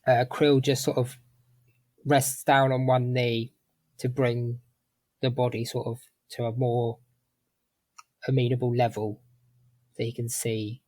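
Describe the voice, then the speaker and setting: A man playing a tabletop game who describes his character's actions in a measured way. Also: medium pitch, level tone, darkish tone, no room sound, low-quality recording. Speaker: player. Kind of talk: casual tabletop game play.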